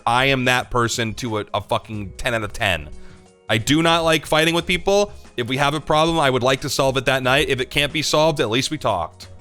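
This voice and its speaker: Bright-voiced young man rambling to chat. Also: medium pitch. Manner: rambling, confessional, swears freely, many fillers. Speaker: livestream host answering chat questions. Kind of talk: casual chat.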